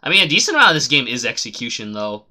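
A man streaming a game live, chatting casually and swearing a lot, rambling and then shouting suddenly at the game. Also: medium pitch, very animated, rapid-fire. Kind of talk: casual live gameplay commentary.

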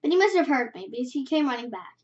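A young female vlogger reads her own story aloud in a chatty, animated way and fixes her slips as she goes. Her voice sits very high. The recording is dull and muffled. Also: fast, very noisy. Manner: chatty, animated reading with self-corrections. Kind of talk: casual story reading.

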